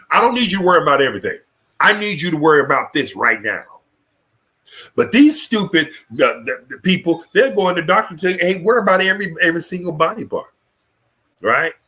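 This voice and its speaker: Host, male, lively and bright, profane preacher-style ranting. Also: a little high, a little fast. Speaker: show host. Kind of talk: live political talk show rant.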